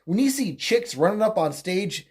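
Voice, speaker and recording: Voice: mid-range voice, sing-song, moderate pace, a little mellow, breathy edge. A political commentary host ranting alone in a mocking, crude way, rambling with fillers, self-corrections and frequent laughter. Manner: mocking, crude, laughs often at own jokes. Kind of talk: opinionated solo rant.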